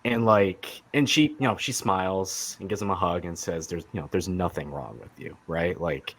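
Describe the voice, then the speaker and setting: A man's voice: low-pitched, normal speed, fairly bright tone. A man hosting a casual podcast chat about comics, enthusiastic and rambling with many fillers and restarts. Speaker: podcast host.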